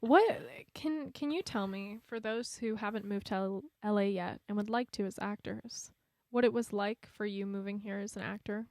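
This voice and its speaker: A woman cinematographer hosting a podcast, telling a story in a lively, chatty way in casual conversation. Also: medium pitch, normal speed, no echo. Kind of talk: casual chat.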